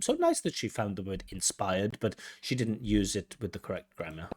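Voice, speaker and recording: Middle-aged male examiner, lowish voice, analytical and explanatory. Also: wildly swooping pitch, moderate pace, hardly any pauses, a little mellow, breathy edge. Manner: explanatory, breaks off to analyse replies. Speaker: IELTS examiner giving feedback. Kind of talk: recorded test commentary.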